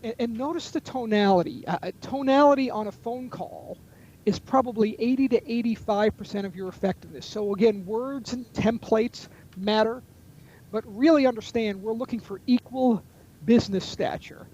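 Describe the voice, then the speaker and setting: A man's voice: high-pitched, normal speed, mellow, muffled recording. A man who trains salespeople, explaining call techniques in a webinar with a confident coaching manner. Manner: coaching, confident, acts out sample phone calls. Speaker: sales trainer and author, guest. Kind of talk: webinar explanation with role-played call examples.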